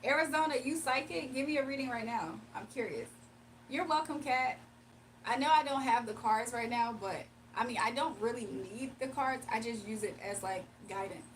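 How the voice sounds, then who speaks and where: Young woman, casual live streamer, slangy and giggly, high-pitched, light noise under the mic. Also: moderate pace, distant mic. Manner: chatty, laughs often, slangy. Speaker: livestream host giving spiritual readings. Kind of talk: casual livestream chat, reading viewer comments aloud.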